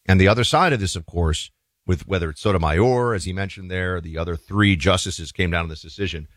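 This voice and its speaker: A man's voice: low-pitched, fairly quick, no echo. A man hosting a talk show, giving an emphatic, opinionated monologue with folksy asides to the listeners.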